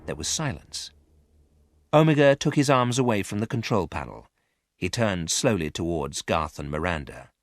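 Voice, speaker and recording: Expressive man narrating a story. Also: deep voice, normal speed, no room sound, studio quality. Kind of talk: scripted audiobook narration.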